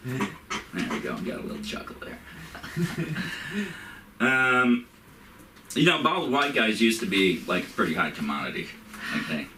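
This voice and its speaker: A man's voice: lowish voice, sing-song. Rambling stand-up man in an echoey club. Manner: rambling, halting, laughs at own jokes. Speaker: stand-up comedian. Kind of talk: open-mic stand-up set. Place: comedy club stage. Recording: echoey room, far from the mic, noisy.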